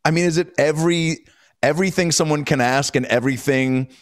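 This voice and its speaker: A man's voice: a little high, a little fast, dry recording, studio quality. A man hosting a casual interview, joking loosely and asking rambling questions. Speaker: host. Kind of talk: casual chat.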